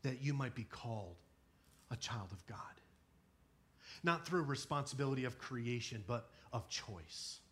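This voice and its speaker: A man in his thirties preaching a sermon who moves from quiet storytelling to emphatic, near-shouted exhortation and has the congregation repeat words after him. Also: medium pitch, lively intonation, unhurried. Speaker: pastor.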